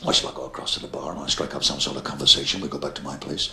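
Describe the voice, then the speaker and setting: On a large theatre stage, a London comic in his fifties heckles his audience and fires off crude, brash punchlines in a Cockney accent. His bass voice stays fairly even in intonation while he talks very fast. Loud laughter fills the echoey hall in this 1990s live video recording.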